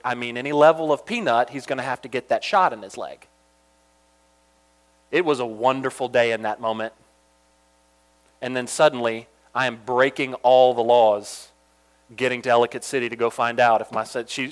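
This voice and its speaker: A young man from Georgia telling a funny personal story in an animated, chatty way, full of asides. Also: on the high side.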